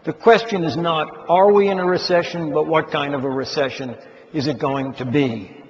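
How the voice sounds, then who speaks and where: Measured man speaking in an echoing hall. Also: on the high side, fairly even intonation. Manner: measured and deliberate, stressing key words. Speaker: keynote speaker addressing investment advisors. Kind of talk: formal economics talk. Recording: dull lo-fi sound with long hall reverb.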